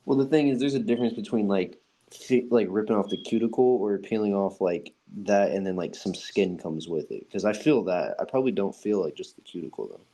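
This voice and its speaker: A man co-hosting a casual podcast in a low, mellow and husky voice. He cuts in with dry, exasperated comments. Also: animated, a little fast, poor audio. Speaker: podcast co-host. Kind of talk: casual chat.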